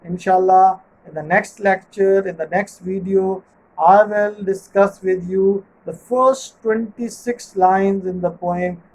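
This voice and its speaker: A man's voice: sits high, fairly even intonation, darkish tone, poor audio. A man giving a recorded literature lecture, explaining step by step and restating each point in new words. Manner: measured, repeats and rephrases points. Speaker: literature teacher.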